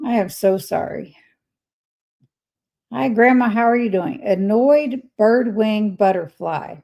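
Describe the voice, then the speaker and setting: An older woman chats on her livestream, reading out viewers' messages and answering each one. Her voice is gravelly with a mellow, dark tone, and she speaks at an everyday middle pitch. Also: takes it slowly, low-quality recording. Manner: chatty, reads messages aloud and replies warmly. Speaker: livestream host. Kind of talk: casual livestream chat, reading viewer comments aloud.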